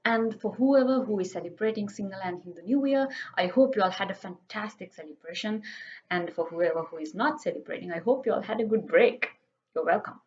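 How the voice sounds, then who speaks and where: A woman with a Sri Lankan English accent chats her way through a casual vlog, playful and animated. Her voice sits at a middle pitch. The recording is slightly dull and lo-fi. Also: fairly quick. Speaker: vlogger.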